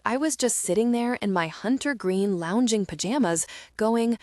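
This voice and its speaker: A woman's voice: fairly high pitch, moderate pace, a little mellow, no room sound, clean studio sound. A young woman reading a first-person young adult audiobook in a wry, confiding and emotional way. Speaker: audiobook narrator.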